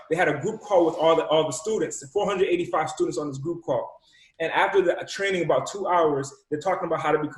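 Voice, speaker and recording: A man from Rhode Island tells a personal story with animated energy, acting out the dialogue and stumbling over repeated words. His voice sits a little high for a man and echoes around the room. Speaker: entrepreneur and speaker.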